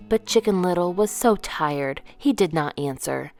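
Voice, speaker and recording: A woman reading a children's picture book aloud, gentle and expressive. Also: lowish voice, moderate pace, few pauses, soft background music. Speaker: children's storyteller. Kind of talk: read-aloud storytime narration.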